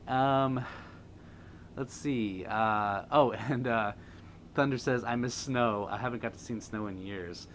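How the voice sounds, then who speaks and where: A man's voice: medium pitch, slow, a bit bright, a little hiss or hum. A man hosting a casual livestream, reading viewer comments aloud and laughing often. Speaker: livestream host.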